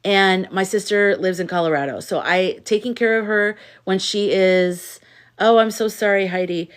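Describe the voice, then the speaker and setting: Woman livestreamer, worn out, frustrated venting between shout-outs. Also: mid-range voice, normal speed, smooth. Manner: venting, frustrated and weary, thanks viewers by name. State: exhausted. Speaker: live streamer. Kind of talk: casual livestream chat.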